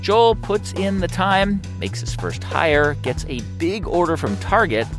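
Lively-voiced male podcast host. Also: high-pitched, a little slow, over music. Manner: curious, probing questions. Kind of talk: interviewer with scripted segment tease.

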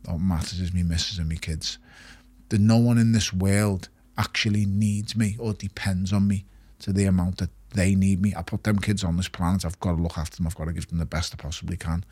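A middle-aged retired boxer speaks candidly on a podcast in a low, husky, slightly mellow voice with no room sound. He's blunt, swears often, and repeats words when he gets emphatic.

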